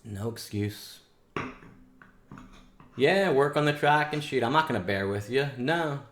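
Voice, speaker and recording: A man's voice: fairly high pitch, expressive, normal speed, a bit bright, slight background noise. A man hosting a day trading show, talking bluntly and casually in slang, scolding and reviewing trades. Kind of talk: live trading stream chat. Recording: echoey room.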